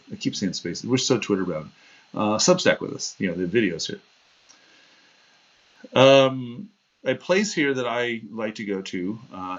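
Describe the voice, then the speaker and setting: A chatty man with a low voice hosts a rambling, casual livestream, digressing freely. He laughs at himself and acts out quoted voices, and the stream sounds dull.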